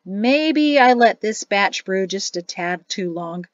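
A woman's voice: mid-range voice, lively intonation, slow, no room sound, highs cut off. A woman voicing a jovial, chatty male innkeeper and cook in an audiobook. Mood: cheerful. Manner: cheery, chatty, boastful.

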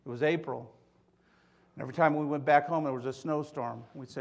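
A man's voice: a little high, fairly even intonation, a little fast, vocal fry. A middle-aged man from Michigan preaching a conversational sermon as pastor, telling stories and prodding the congregation for amens. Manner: chatty storytelling, prods the congregation for amens. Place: church sanctuary.

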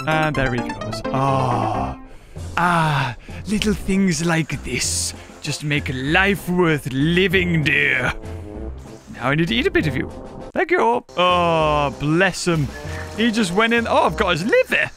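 A man chats his way through a survival game, talking to the little creatures he meets. His voice sits high and swings widely between notes. Game music plays clearly behind him. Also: lively intonation, slow, pushed and bright. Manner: chatty, giggly, talks to the creatures on screen. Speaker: gaming YouTuber. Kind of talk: casual gameplay commentary.

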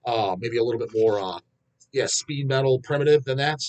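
A man hosting a metal channel, ranting bluntly and with heavy swearing in casual talk to viewers, with frequent restarts and drawn-out fillers. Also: medium pitch, a little mellow. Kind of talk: casual rant answering viewer questions.

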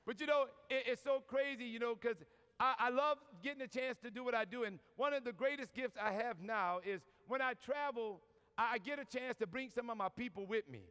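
A priest from New Orleans, USA, with a matching accent, gives a folksy, joking preaching talk to a large audience, saying "y'all" a lot. His very high-pitched voice is brisk, fairly bright, clear and resonant. The large convention hall leaves a long reverb on the recording.

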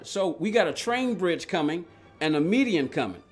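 A man live-streaming a racing game talks in a high, bouncy voice that swings widely in pitch. He tells stories in loops, restarting and repeating phrases, then turns to read and answer his chat. Faint game music plays underneath. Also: very animated, normal speed. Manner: rambling, repetitive storytelling with frequent restarts; reads and answers chat aloud. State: agitated while recounting.

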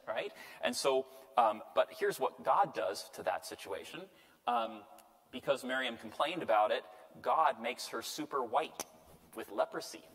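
Joking priest teaching in an echoey hall. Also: male voice, medium pitch, gravelly. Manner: lively and joking, tags lines with "right?" and acts out quotes. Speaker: priest teaching a Bible class. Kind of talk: casual Bible lecture.

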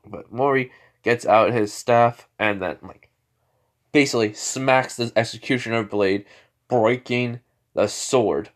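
A man casually retelling a fan-made story, rambling with many fillers and self-corrections. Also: mid-range voice.

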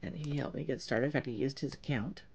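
A woman's voice: a bass voice, fast, gravelly, darkish tone, slightly rough. A middle-aged woman streaming a game, chatting and telling stories between asides to the game. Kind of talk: casual gaming livestream chat.

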